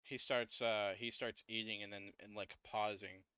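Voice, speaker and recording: A man's voice: fairly low pitch, steady tone, normal speed, bright, forceful tone, smooth, no room sound, lo-fi sound. A man narrating a tabletop game as game master, hesitant with many fillers.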